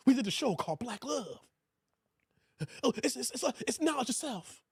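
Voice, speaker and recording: A man's voice: very high-pitched, big pitch swings, moderate pace, vocal fry, pauses often, husky, no echo, studio quality. Brash male commentary host. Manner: loud, mocking, talks to viewers, reads chat. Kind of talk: reaction commentary.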